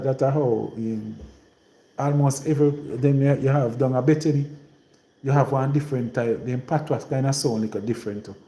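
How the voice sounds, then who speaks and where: Jamaican man, rural Trelawny patois accent, very dark mellow tone, rambling live-stream host. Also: mid-range voice, echoey room, poor audio. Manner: rambling and repetitive, in heavy patois. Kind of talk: casual live-stream monologue.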